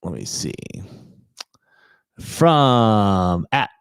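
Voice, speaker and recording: A man's voice: lowish voice, big pitch swings, extremely slow, creaky, clear, resonant tone, no room sound. A man hosting a sports podcast, reading out listener questions and joking briefly with his co-hosts. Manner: reads out questions then banters briefly. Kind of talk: casual podcast chat.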